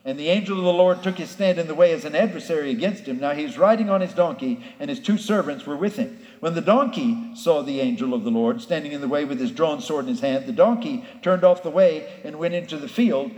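A man's voice: on the high side, brisk, hardly any pauses, darkish tone. A man preaching a sermon as pastor, in a folksy storytelling manner that acts out the characters. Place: church sanctuary. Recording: echoey hall.

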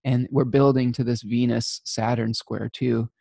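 A man's voice: medium pitch, level tone, a little slow, vocal fry, warm tone, dry recording. A man giving a weekly astrology forecast in a casual, rambling way, with frequent restarts, fillers and small laughs.

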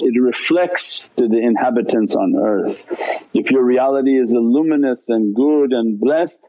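A man teaching on spiritual matters and answering questions, calm and unhurried, with Arabic devotional phrases throughout. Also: medium pitch, lo-fi sound. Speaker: Sufi teacher. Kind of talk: religious talk answering questions.

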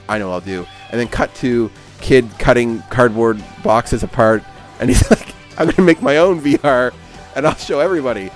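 A young man hosting a casual podcast, rambling through a comic story with swearing and many fillers. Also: mid-range voice. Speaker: podcast host. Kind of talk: casual chat.

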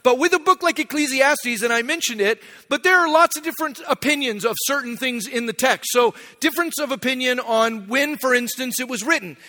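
A man's voice: very high-pitched, brisk, few pauses, pushed and bright, in a large hall. A middle-aged man, a pastor, giving a conversational, self-deprecating sermon in a church sanctuary.

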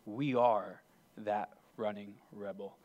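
A man preaching a sermon as pastor, earnest, swinging between emphatic and hushed delivery. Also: fairly low pitch, fairly even intonation, slow pace, muffled recording.

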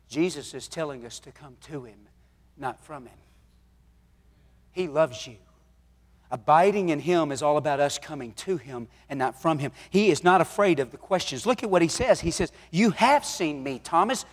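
A man preaching a sermon, telling folksy stories and swinging between loud exhortation and hushed moments. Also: fairly high pitch, lively intonation, normal speed. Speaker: pastor. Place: church sanctuary. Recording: long hall reverb.

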